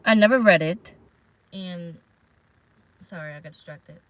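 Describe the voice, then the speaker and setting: A woman's voice: on the low side, measured pace, rough recording. A woman tarot reader talking casually in a vlog, rambling and frank, swearing now and then. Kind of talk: casual spiritual vlog talk. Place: parked car.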